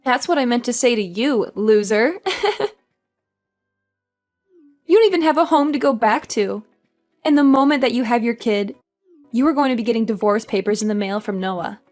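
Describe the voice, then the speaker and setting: A woman's voice: on the high side, fairly quick, a little mellow, soft background music, natural voice. A woman voicing a spoiled, entitled sister-in-law who taunts with mocking laughs, in a dramatized story. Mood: taunting. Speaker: voice actor.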